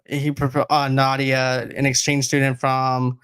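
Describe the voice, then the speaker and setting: A man's voice: medium pitch, monotone, unhurried, fairly bright tone, clean tone. A man co-hosting a casual movie review podcast, easygoing and agreeable as he retells scenes. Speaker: podcast co-host.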